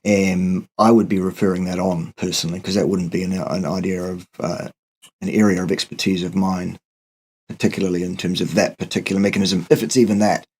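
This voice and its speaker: A man hosting a live nutrition Q&A, joking dryly, then answering in a slow, measured way. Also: low voice, level tone, darkish tone, slightly rough. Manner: dry, joking, measured when explaining. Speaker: host. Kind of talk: live Q&A chat.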